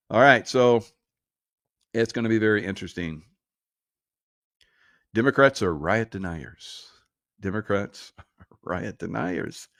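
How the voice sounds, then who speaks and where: A man's voice: fairly low pitch, unhurried, vocal fry, pauses often, a bit bright, dry recording, clean studio sound. Sarcastic man ranting casually. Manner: sarcastic, mocking, laughs at own jokes. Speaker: political commentary host. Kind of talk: casual solo commentary.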